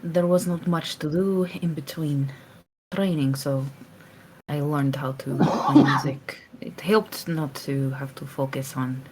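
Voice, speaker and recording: A woman's voice: low-pitched, fairly even intonation, slow pace, background noise. A woman playing a stiff, formal lab-raised adventurer. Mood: earnest. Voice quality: formal, no contractions, odd broken phrasing. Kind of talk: in-character tabletop role-play.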